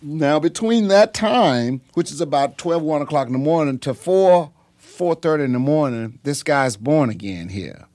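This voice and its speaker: A pastor and singer telling his story in a radio interview, animated and repetitive, with many pauses and ums. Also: fairly high pitch, dry recording.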